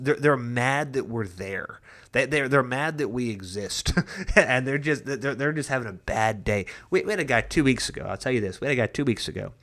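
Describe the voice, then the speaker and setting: A man's voice: medium pitch, a bit bright. A young adult man, a pastor giving a casual devotional talk, earnest and conversational with frequent restarts and personal stories.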